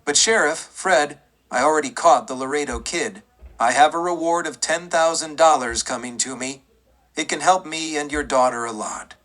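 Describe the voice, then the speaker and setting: Give me a volatile, greedy young deputy, as an audiobook narrator puts him on, higher and bright. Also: male voice, moderate pace, close to an everyday voice. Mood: pleading. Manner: pleading, rising to shrill protest.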